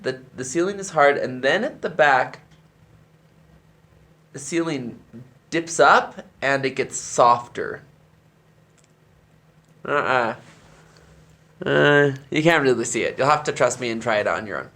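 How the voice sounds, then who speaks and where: A man's voice: medium pitch, animated, a little slow, pauses often, pushed and bright. A man who directs a church choir, explaining vocal technique in a tutorial and demonstrating the sounds with his own voice.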